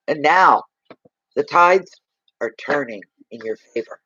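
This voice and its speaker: A man giving a live tarot card reading, gushing and emotional, slow and soothing. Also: on the high side, animated, sharp tone, husky, no room sound, muffled recording.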